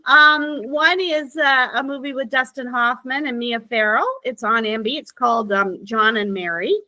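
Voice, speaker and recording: A woman's voice: a little high, fairly even intonation, normal speed, bright, forceful tone, no echo. A woman co-hosting a casual movie chat, talking in a chatty, hesitant way. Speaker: podcast co-host.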